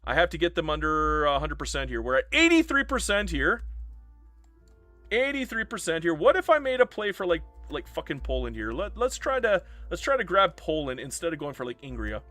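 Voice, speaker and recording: A man streaming a strategy game live, narrating in a bright, fairly high and very lively voice. He talks in a theatrical, self-mocking way and swears freely, over faint background music. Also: brisk, no echo. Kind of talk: live gameplay commentary.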